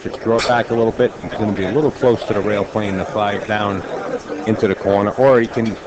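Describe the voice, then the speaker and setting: A man commentating a live pool match, calmly explaining shot options and cue ball position. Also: lowish voice, a little fast, dull audio, over a noisy crowd.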